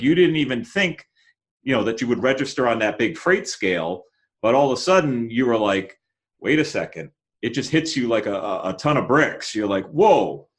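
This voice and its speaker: A man hosts a podcast in a loose, chatty way. His voice moves up and down a lot as he jokes and restarts his thoughts. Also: mid-range voice. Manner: chatty, joking, many restarts. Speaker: podcast host. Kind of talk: casual podcast conversation.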